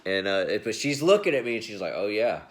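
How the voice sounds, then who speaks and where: A man with a somewhat low voice hosts his own show and tells a long story in a loose, conversational way. He laughs often and trips over his own sentences, restarting them as he goes. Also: very animated, quick pace. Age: adult. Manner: chatty and rambling, laughs often, frequent restarts. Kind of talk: casual storytelling monologue.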